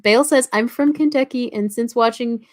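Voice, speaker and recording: A woman's voice: fairly high pitch, normal speed. Young Canadian woman, livestream host, chatty, lots of fillers, reads chat aloud. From Toronto, Canada. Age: about 19. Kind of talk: casual livestream chat reading comments.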